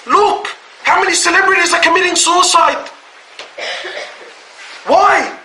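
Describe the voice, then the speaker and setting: A man's voice: very high voice, a little slow, bright, forceful tone. A man delivering an impassioned sermon to a live audience indoors, pleading with his listeners through rhetorical questions and casual slang asides. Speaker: Islamic preacher. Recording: echoey hall, voice from far off, faint noise.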